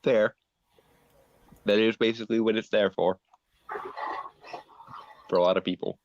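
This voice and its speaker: Low-voiced man chatting on a podcast. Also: fairly even intonation, unhurried, no room sound. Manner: stammering restarts, playful mock villain laugh. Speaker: podcast co-host. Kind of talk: casual chat. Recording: dry, dull lo-fi audio.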